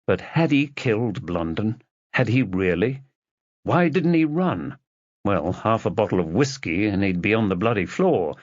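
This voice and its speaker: Expressive male audiobook narrator, dry lo-fi. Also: fairly low pitch, unhurried, no room sound. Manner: expressive reading, voices the characters. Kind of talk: scripted narration of a mystery novel. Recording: dull, dry lo-fi recording.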